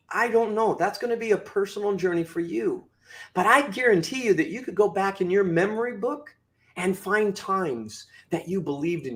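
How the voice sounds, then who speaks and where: A man who works as a motivational speaker, talking as a podcast guest in an emphatic, preachy way and acting out what people say with big swings in pitch and loudness. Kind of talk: animated podcast conversation.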